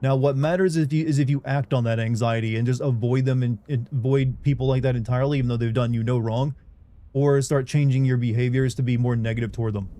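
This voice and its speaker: Mellow-voiced man rambling to his chat. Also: mid-range voice, fairly even intonation, fast talker. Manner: rambling, candid, talks straight to chat. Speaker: livestreamer. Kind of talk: casual livestream chat.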